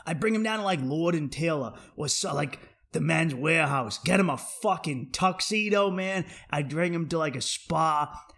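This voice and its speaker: A man hosting a comedy podcast, ranting in a brash, profane and animated way and swearing freely. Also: a little high, normal speed. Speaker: podcast host.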